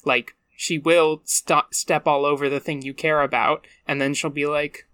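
A podcast co-host describing a character's backstory in a relaxed, blunt way with casual swearing. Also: mid-range voice, normal speed, few pauses, clean tone, no room sound, clean studio sound. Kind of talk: casual tabletop character-building chat.

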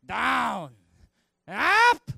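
A pastor voicing an old male karate master who speaks in short, slow, clipped phrases. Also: very high voice, wildly swooping pitch, gravelly, sharp tone, no room sound, clean studio sound, voice pushed up, exaggerated voice. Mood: insistent.

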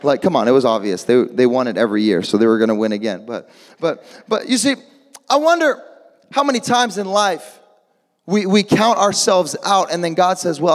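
Energetic preacher, male, high voice, call-and-response, echoey hall. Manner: energetic, rising to shouts, jokey asides. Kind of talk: lively sermon with call-and-response. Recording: long echo of a large hall.

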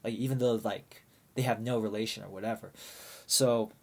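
Young man, husky voice, rambling profane storytelling, casual chat with friends. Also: on the low side, fairly even intonation, normal speed. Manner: rambling, profane, many fillers and restarts.

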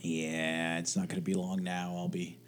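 A man's voice: sits low, little pitch movement, moderate pace, smooth, soft background music. A man co-hosting a podcast from his home studio, chatting casually, joking and swearing now and then. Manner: jokey, swears casually, chuckles often. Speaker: podcast co-host. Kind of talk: casual chat.

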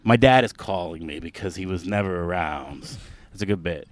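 A man's voice: sits low, moderate pace, dry recording. A man chatting casually as a podcast guest, joking and slipping into playful voices. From Miami area. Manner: animated, jokey, slips into playful Spanish voices. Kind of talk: casual chat.

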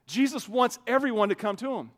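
High-voiced man preaching conversationally. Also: a little fast. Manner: conversational preaching, often repeats words when starting a phrase; loudness swings widely, from soft asides to emphatic raised lines. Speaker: pastor. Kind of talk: sermon.

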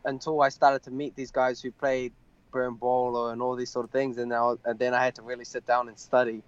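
A young fighter tells his story in an interview, stopping and restarting often with fillers. His voice sits at an everyday middle pitch. The recording is dry and a bit dull, with no room sound. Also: level tone, smooth, no room sound. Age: young adult. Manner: halting, many fillers and restarts. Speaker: MMA fighter guest.

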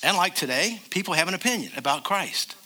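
An older man preaching a sermon as a pastor, emphatic, and slowing down to stress key phrases. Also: high voice, lively intonation, pushed and bright.

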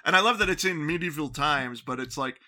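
Movie podcast guy, kinda high voice, sarcastic, picking apart the plot. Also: animated, brisk, pushed and bright. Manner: sarcastic and incredulous, picks apart plot holes. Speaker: podcast co-host. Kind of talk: casual movie-review chat.

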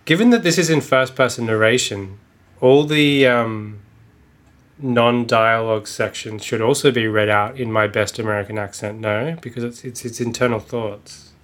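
A man's voice: mid-range voice, moderate pace, fairly bright tone. An Australian man co-hosting a podcast, chatting casually and drily teasing his co-host about a book. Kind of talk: casual book-club chat.

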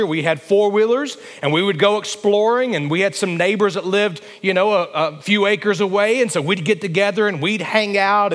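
High-voiced pastor in a reverberant hall. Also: male voice, fairly bright tone. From Alabama. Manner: storytelling, calls for congregation response. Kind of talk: sermon. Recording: long reverb of a church hall.

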